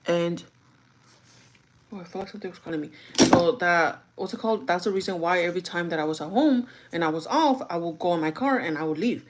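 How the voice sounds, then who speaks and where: A young woman with a slightly low voice tells a story to her viewers while she gets ready. She talks in an animated, chatty way and keeps turning to the people watching. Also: fairly quick, very noisy. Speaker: vlogger. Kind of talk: get-ready-with-me storytime chat.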